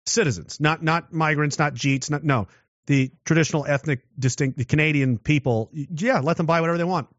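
A man's voice: a little high, brisk, no echo. A man giving a casual monologue, rambling with restarts and rhetorical questions. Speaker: political commentator. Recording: dull lo-fi dry recording.

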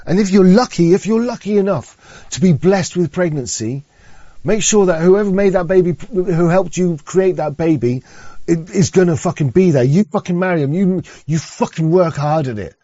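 A man's voice: high-pitched, normal speed, mellow, no room sound. Rambling, profane man on a lo-fi mic. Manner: rambling and profane, with frequent restarts. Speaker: podcast host. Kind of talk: casual chat and reading aloud. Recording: dull, dry lo-fi recording.

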